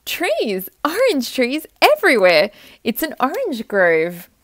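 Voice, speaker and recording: A woman voicing a friendly, easygoing young orange tree with a cheerful, relaxed manner. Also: sits high, slow pace, dry recording, studio quality, voice pushed up, heavily acted.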